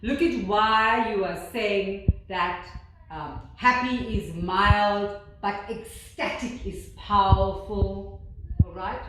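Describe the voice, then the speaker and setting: A woman English teacher leading a classroom lesson, speaking slowly and acting out words with her voice. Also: mid-range voice, background noise. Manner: slow, expressive, acts out words with her voice. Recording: echoey room, voice from far off.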